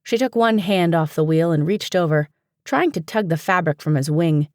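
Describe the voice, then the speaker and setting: A woman narrating a fantasy audiobook in a steady, even storytelling manner, recorded on a close studio mic. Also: on the low side, moderate pace, dry recording. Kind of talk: scripted narration.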